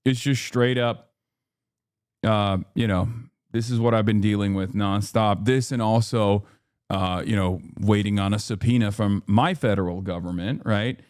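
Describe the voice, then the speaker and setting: A man's voice: fairly low pitch, fairly even intonation, a little mellow, clean tone, no echo, studio quality. Exasperated American man ranting on stream. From United States. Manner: rapid run-on talk with many fillers and restarts. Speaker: live streamer. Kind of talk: reacting live on a stream.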